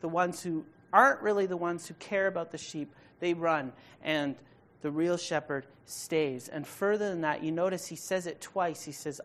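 With a fairly low voice at normal speed, a woman delivers a sermon: she reads from scripture, explains it, hits key words hard, and drops from loud emphasis into hushed delivery.

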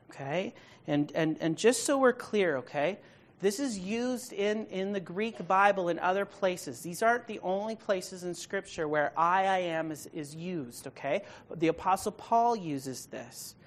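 Emphatic woman teaching a Bible study. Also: mid-range voice. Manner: emphatic, checks in with frequent rhetorical questions; grows loud and forceful when reading scripture aloud.

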